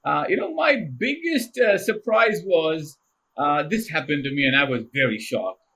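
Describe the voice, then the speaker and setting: A middle-aged man from India, a podcast guest telling casual stories in an animated way and laughing often. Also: on the high side, normal speed. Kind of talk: casual storytelling interview.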